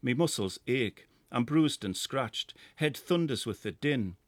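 Measured Geordie man narrating a story. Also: mid-range voice, animated, dry recording. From North East England. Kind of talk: scripted first-person narration.

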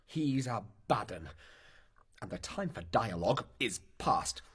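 Guy playing a hothead son, brash, husky edge, bounces around in pitch. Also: big pitch swings, a little slow, fairly bright tone, heavily acted. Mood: hot-headed. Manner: brash, boastful. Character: hot-headed young son eager for a fight. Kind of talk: stage play in rhyming verse.

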